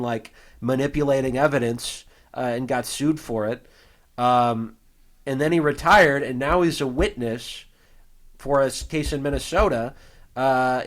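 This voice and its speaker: An American man co-hosting a podcast, talking casually and rambling with plenty of fillers and restarts. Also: medium pitch. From United States. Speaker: podcast co-host. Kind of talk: casual chat.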